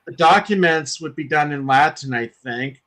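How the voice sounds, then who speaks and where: A man, a priest co-hosting a casual stream, who explains things in a measured way. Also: a little high, a bit bright, poor audio. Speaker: priest co-host. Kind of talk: casual chat on a live stream.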